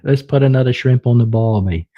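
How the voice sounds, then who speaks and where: A man putting on a goofy, exaggerated Australian accent for a live stream, husky and hammy. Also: mid-range voice, a little fast, dull audio, lightly acted. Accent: put-on Australian. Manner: hammy and jokey.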